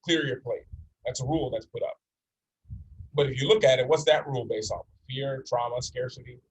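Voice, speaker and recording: A man's voice: medium pitch, fairly quick, breathy edge, rough recording. A man in his forties from North America, teaching a coaching session in an earnest, repetitive way and using stories to make his points. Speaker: life coach.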